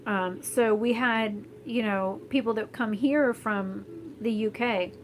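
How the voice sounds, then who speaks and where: A woman's voice: a little high, slow, a little hiss or hum, low-quality recording. A young woman from Florida in a casual, rambling chat to camera, blunt and full of fillers and restarts. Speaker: vlogger. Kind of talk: casual chat while doing hair, reading live chat. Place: home, indoors.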